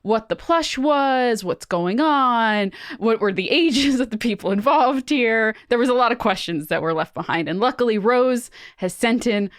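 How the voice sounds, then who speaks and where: A woman's voice: a little high, expressive, normal speed, few pauses, dry recording, clean studio sound. A woman co-hosting a podcast in casual chat, upbeat and laughing easily. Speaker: podcast co-host.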